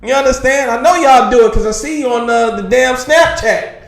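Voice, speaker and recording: A man with a notably high voice leads a streamed religious class in a forceful preaching style. He drives each point home and keeps asking his listeners if they understand. His voice rings around an echoey room. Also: a little fast, vocal fry. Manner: emphatic, constantly asks "you understand?" and says "man". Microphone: livestream computer mic.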